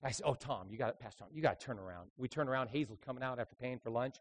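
A man, a traveling evangelist, preaching a sermon full of lively stories, dropping to quiet asides and then rising into loud, emphatic bursts. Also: medium pitch, racing. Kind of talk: sermon with storytelling.

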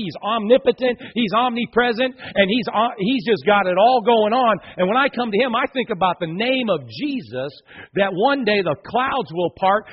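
A man preaching a sermon in a lively, conversational way, acting out quoted voices with playful emphasis. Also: high voice, husky, muffled recording. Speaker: pastor.

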